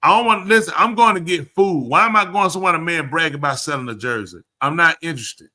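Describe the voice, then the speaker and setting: A man hosting a live show, telling stories in an animated way and acting out the people he quotes. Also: fairly high pitch, fast. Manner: animated storyteller, acts out quotes. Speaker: host. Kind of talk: casual chat.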